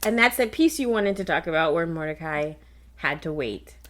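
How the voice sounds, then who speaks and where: A woman's voice: deep voice, animated, normal speed, a bit bright. A woman co-hosting a casual faith podcast, retelling a Bible story with amusement and frequent agreement. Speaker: podcast co-host.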